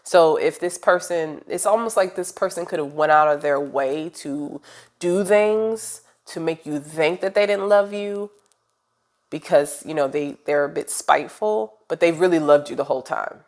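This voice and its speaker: Low-voiced woman giving a tarot reading. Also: moderate pace. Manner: chatty, rambling, direct address with fillers. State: congested with a cold. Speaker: tarot reader.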